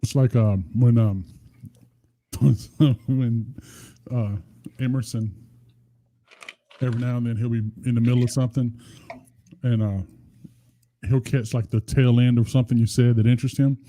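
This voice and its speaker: A man's voice: medium pitch, flat delivery, normal speed, pauses often, mellow, no room sound. A middle-aged man co-hosting a podcast, rambling through stories with plenty of swearing. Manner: rambling, profane storytelling. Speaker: podcast co-host. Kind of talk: casual chat.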